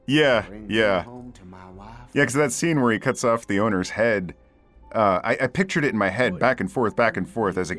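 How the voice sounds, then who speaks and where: A man's voice: on the low side, normal speed, faint music behind. A man hosting a podcast in casual chat, laughing often and filling with ums and likes. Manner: lively, laughs often, many fillers. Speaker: podcast host.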